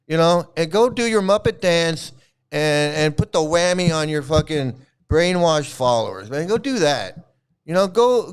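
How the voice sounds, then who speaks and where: A man's voice: on the high side, smooth. A man hosting his own channel, ranting angrily in a heated, profane, repetitive way. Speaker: channel host. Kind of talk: angry ranting vlog commentary.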